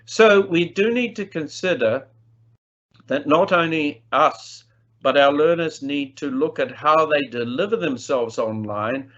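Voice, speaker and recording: A man giving a conference lecture on language teaching, emphatic and playful, with sudden swings in pitch and pace. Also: a little slow, a bit bright, highs cut off. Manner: playful asides. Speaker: plenary speaker on language teaching.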